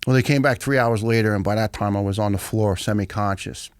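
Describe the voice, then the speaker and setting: A middle-aged man, telling his story as a podcast guest in a blunt, profane, animated way. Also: on the low side, fairly quick, dry recording. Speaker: guest, retired firefighter.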